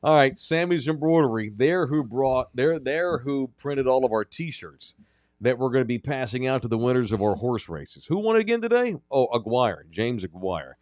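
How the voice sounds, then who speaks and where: A man's voice: medium pitch, animated, normal speed, darkish tone, dry recording, studio quality. A man co-hosting a sports radio show, joking around, reading sponsor plugs and laughing a lot. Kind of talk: casual chat.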